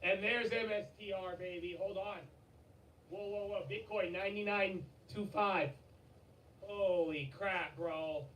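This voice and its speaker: A man hosting a livestream, excitable and swearing, with a strained, fading voice and sudden shouts and laughter. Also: sits high, a little slow, far from the mic. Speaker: livestream host. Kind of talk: hyped livestream chat. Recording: echoey, off-mic, with loud background noise.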